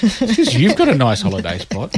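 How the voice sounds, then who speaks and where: A man's voice: mid-range voice, wildly swooping pitch, a little fast. A man co-hosting breakfast radio, reading news items and trading jokes in casual banter. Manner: chatty, jokey, reads news items. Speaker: radio co-host. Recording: radio studio with music bed.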